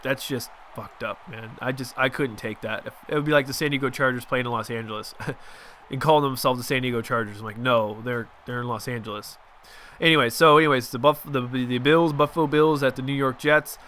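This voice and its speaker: Young guy with a bright tense voice rambling over a football game, chatty and quick to rant. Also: medium pitch, fairly even intonation, slight background noise. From Southern California. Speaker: gaming channel host. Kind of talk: casual game commentary.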